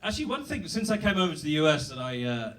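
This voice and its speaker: Brit guy doing standup, kinda rambly, bit higher voice, mic a bit far off. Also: big pitch swings, quick pace, noisy background. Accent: British. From Britain. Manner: self-deprecating, rambling with fillers and restarts. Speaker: stand-up comedian. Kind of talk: stand-up set. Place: comedy club stage.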